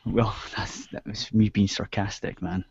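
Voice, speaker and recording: A man's voice: fairly low pitch, level tone, a little slow, creaky, darkish tone, husky, dry recording. A Scottish man hosting an online radio show, talking in a sarcastic, exasperated, teasing way. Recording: dull lo-fi online call.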